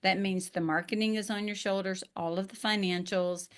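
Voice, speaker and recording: A woman hosting a podcast as a business coach, talking in an energetic, emphatic, encouraging way. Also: medium pitch, normal speed, clean tone. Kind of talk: casual interview chat.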